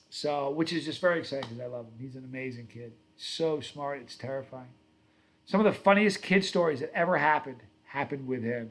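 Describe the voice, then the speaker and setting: A middle-aged man hosting a casual livestream, telling rambling stories and reading viewer comments aloud. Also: mid-range voice. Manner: storytelling, self-correcting. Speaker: livestream host.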